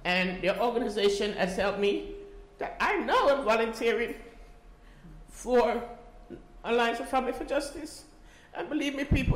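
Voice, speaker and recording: Speaking at a moderate pace with frequent pauses, this animated woman has a slightly high voice. She is a middle-aged volunteer at a community meeting, giving an emotional personal account in which she pleads and repeats herself, captured in an echoey meeting room.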